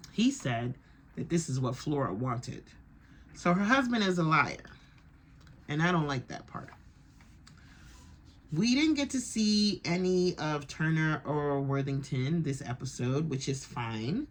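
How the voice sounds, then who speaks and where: A woman's voice: low voice, lively intonation, measured pace, long pauses. Brief: woman reaction vlogger, chatty, opinionated, rambling recap. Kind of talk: casual episode recap.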